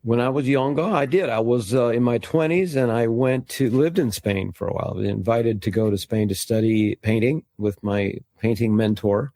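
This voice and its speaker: A man's voice: medium pitch, moderate pace, few pauses, mellow, no echo. An American man, a guest impressionist, telling wry stories in a casual podcast interview. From United States. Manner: wry, storytelling, restarts often.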